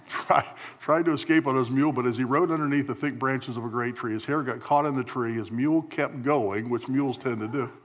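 A man's voice: mid-range voice, a little fast. A man preaching a sermon, telling a story with wry asides and acting out the lines of the figures in it. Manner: storytelling preacher, acts out quotes, wry humor. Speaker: pastor.

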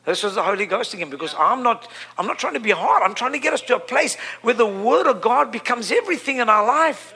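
A male preacher with a high, bright, forceful voice delivering a sermon. He hammers points home by repeating phrases, swelling to loud climaxes and then dropping low. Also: expressive, fast talker, gravelly. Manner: emphatic, repeats phrases, builds to loud peaks.

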